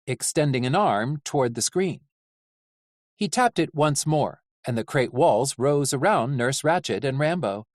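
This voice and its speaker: Slow, lively audiobook narrator. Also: mid-range voice, no room sound, studio quality. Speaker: audiobook reader. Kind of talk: scripted narration.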